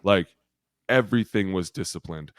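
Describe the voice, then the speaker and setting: Deep, smooth-voiced man telling profane stories. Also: normal speed, no room sound, clean studio sound. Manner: profane, blunt, rambling anecdotes. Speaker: podcast co-host, former pro lineman. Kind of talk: casual podcast storytelling.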